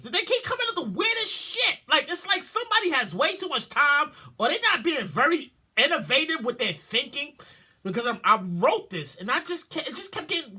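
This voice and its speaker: A woman hosting a podcast, reading news headlines and reacting with loud exclamations, repeated words, swearing and a lot of laughter. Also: high-pitched. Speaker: podcast host. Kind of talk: comic commentary on news headlines.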